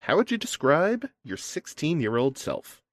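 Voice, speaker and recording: A man's voice: fairly high pitch, sing-song, a little slow, dry recording. A man hosting an interview, asking numbered questions in a playful, encouraging way. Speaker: host.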